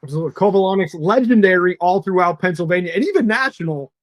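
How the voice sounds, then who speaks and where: High-voiced joking sports host. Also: male voice, lively intonation, no room sound. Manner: jokey, quick asides. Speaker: podcast host. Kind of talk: casual sports talk.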